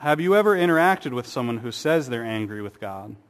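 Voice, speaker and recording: A man's voice: mid-range voice, big pitch swings, fairly quick. A man preaching a sermon, earnest, with rhetorical questions and sarcastic asides. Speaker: pastor. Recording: long hall reverb.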